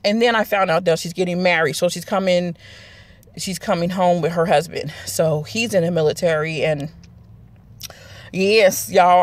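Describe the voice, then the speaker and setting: A woman's voice: on the low side, moderate pace. A woman, chatting casually to her viewers in a rambling vlog. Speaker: vlogger. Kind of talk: casual chat to camera.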